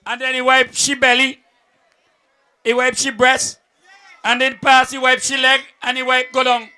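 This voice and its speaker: A man with a Vincentian accent telling jokes at an outdoor event, a lively storyteller who laughs as he goes. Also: very high-pitched, measured pace, smooth. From St Vincent and the Grenadines. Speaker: comedian at a political event. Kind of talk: joke telling.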